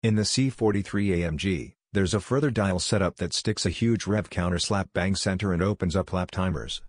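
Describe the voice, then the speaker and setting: Male voice-over, low register, steady scripted delivery, dry close sound. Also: moderate pace, no room sound. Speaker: car reviewer.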